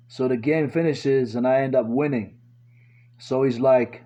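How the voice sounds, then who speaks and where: A man's voice: medium pitch, fairly even intonation, normal speed, mellow. Man telling crude slangy joke stories, muffled. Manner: crude slangy delivery, acts out quotes himself. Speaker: stand-up comedian. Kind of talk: stand-up jokes told as short stories.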